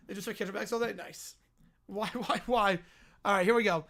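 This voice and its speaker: A man hosting a live stream, reacting with loud disbelief and laughter. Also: very high voice, lively intonation, fast talker.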